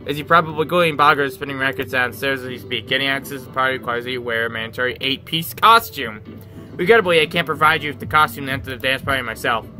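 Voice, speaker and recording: A man voicing a formal, helpful hotel concierge in a video game, reading the lines in a measured way. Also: medium pitch, pushed and bright, faint music behind. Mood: courteous.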